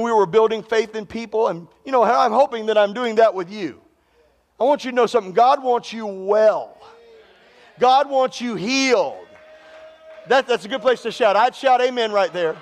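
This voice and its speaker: A man's voice: very high-pitched, normal speed, long reverb tail. A man preaching a sermon as pastor, mixing humorous stories with call-and-response lines to the congregation.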